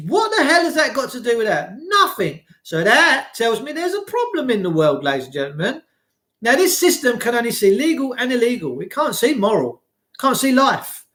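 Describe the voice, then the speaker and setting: Heated, swearing man with lively pitch. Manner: heated, swearing, rhetorical questions. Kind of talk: impassioned ranting monologue.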